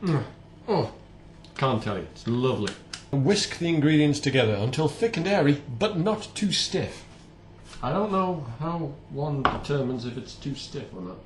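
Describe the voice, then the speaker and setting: A man's voice: mid-range voice, very animated, normal speed. Man, home baker, casual cooking vlog, wry asides, echoey kitchen, faint background hum. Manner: playful, self-mocking asides.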